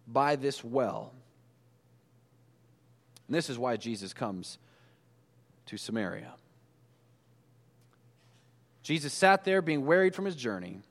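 A man preaching a sermon in a relaxed, conversational way, telling the story with animated asides. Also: medium pitch, big-room sound. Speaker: pastor.

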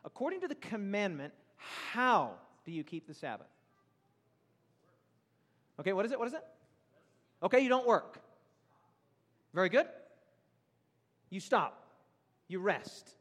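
Brief: male pastor, sermon to a live church, high voice, lively questioning delivery, hall reverb. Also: a little slow, pauses often. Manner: animated, questions the congregation, big swings in pitch and loudness. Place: church sanctuary.

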